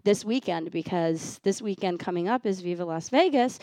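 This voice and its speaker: A woman's voice: on the low side, moderate pace, mellow, dry recording. A woman hosting a podcast in casual interview chat, bubbly and gushing, often laughing. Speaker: podcast host.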